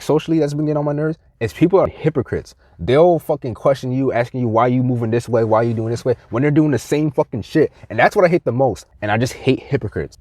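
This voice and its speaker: Young guy venting on his vlog, lowish voice, dry close sound, swears a lot. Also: a little mellow, no echo. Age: young adult. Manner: heated, profane, mocks others in quoted voices. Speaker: vlogger. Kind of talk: angry rant to camera.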